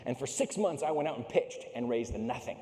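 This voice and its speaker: A man's voice: medium pitch, a little fast. A middle-aged man giving a joking, motivational keynote speech on a stage microphone in a large conference hall. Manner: animated, joking storyteller. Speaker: keynote speaker. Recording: echoey hall with long reverb.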